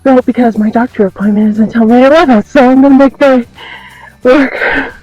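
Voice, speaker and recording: A woman's voice: fairly high pitch, steady tone, fairly quick, darkish tone, dry recording, dull audio, soft background music. A woman walking around her horse paddock, chatting casually and self-deprecatingly while out of breath. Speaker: horse trainer vlogger. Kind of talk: casual outdoor vlog walkthrough.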